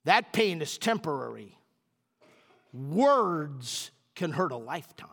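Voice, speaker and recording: A male pastor delivers a sermon in a high, light voice. He takes his time, lingering on repeated words for emphasis. His voice trails into the long reverb of a large church. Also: very animated, slow, creaky, fairly bright tone. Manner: storytelling, emphatic repetition.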